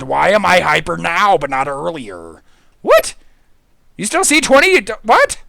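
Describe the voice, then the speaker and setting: A man livestreaming a video game, hyper and goofy, jumping from loud squealing outbursts to mumbled asides. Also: high-pitched, big pitch swings, a little fast, gravelly, no room sound, studio quality. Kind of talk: excitable gaming livestream chatter.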